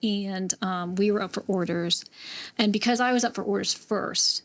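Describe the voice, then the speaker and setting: A middle-aged woman with a gravelly edge tells her service stories plainly and bluntly. She swears freely and laughs easily, like a podcast guest speaking casually. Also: medium pitch, normal speed. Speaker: podcast guest, retired military bomb technician. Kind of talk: casual interview storytelling.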